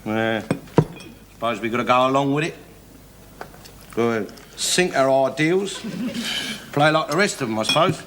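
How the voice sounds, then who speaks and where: An actor playing a loud, argumentative older London working-class football fan with a Cockney accent, ranting and swearing in a 1970s television sitcom. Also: male voice, medium pitch, moderate pace, pauses often, close to an everyday voice. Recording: hissy old television soundtrack.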